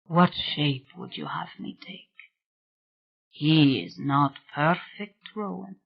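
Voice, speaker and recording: A sorrowful male spirit speaks in a low, vibrant whisper with a Scottish accent, voiced by an audiobook reader. He draws out every word slowly, seductive yet possessive. The recording sounds dull and muffled. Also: creaky, husky, heavily acted. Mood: hushed longing.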